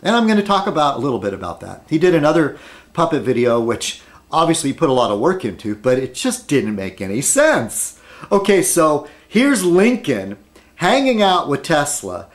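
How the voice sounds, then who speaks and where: A man's voice: on the high side, wildly swooping pitch, moderate pace. A man rambling at his desk in an opinion video blog, arguing with many rhetorical questions and fillers. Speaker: video blogger.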